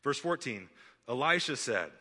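A man preaching a sermon in a church auditorium, animated and conversational with playful asides. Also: medium pitch, moderate pace. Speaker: pastor. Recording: long reverb of a large hall.

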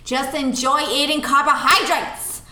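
Woman playing a fussy worried mom, bright roomy sound. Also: high voice, steady tone, measured pace. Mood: fretful. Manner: fretful, gasping, emotional about food. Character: doting fussy middle-aged mother on a phone call. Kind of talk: improvised comedy scene. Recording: roomy echo.

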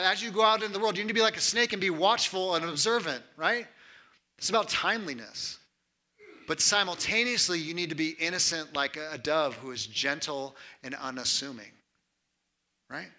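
Bright-voiced man preaching conversationally. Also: sits high, a little fast. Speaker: pastor. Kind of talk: sermon.

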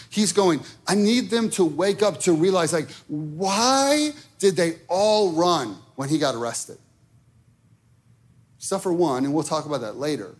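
A man's voice: fairly high pitch, expressive, a little slow, slightly rough. A man preaching a sermon, conversational and direct, checking in with the listeners often. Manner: conversational preaching with frequent okay and right. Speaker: pastor.

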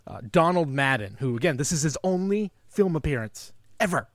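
A man co-hosting a podcast, chatting in an animated, enthusiastic way with lots of fillers. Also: a little high, brisk, no room sound, studio quality. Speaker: podcast co-host. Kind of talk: casual film discussion.

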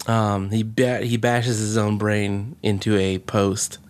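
A man casually recapping a movie with sarcasm and profanity, mocking its lines in quick impressions. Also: on the low side, level tone, smooth. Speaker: podcast co-host. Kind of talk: casual movie review chat.

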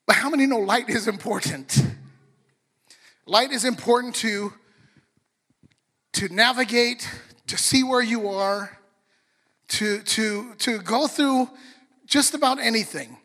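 A man's voice: very high-pitched, takes it slowly, long pauses, bright, forceful tone. A middle-aged man preaching a sermon, telling a story animatedly and speaking directly to the congregation. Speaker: pastor. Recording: long hall reverb.

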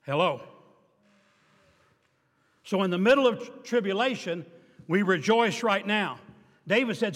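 An older man preaching a sermon as pastor, swinging between emphatic declarations and quiet asides with dry humor. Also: high-pitched, lively intonation, a little slow, long pauses. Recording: reverberant hall.

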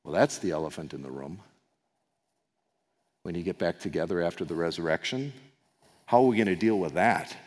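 A man's voice: sits low, fairly quick, pauses often, a little mellow. A male pastor preaching a sermon, telling the story in a conversational way with asides and acting out the quoted lines. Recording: long hall reverb.

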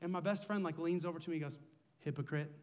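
A man's voice: a little high, fairly even intonation, rapid-fire. A man who is a lead pastor, preaching a sermon in a conversational way, asking his listeners questions and telling personal stories.

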